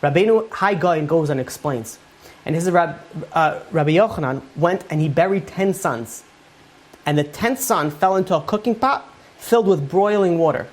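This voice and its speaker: A man's voice: fairly high pitch, expressive, moderate pace. A man, a rabbi, giving an informal Torah class, retelling Talmud stories in a conversational way with many fillers.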